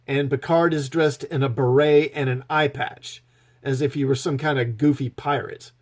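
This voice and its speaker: A man's voice: mid-range voice, steady tone, moderate pace. A man recapping a TV episode in a casual, sarcastic, mocking tone. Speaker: show reviewer.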